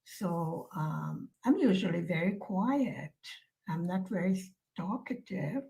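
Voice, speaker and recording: A woman vlogger chatting casually to her viewers, soft-spoken and musing, pausing often with fillers. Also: on the low side, lively intonation, creaky, poor audio. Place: lives in Hungary.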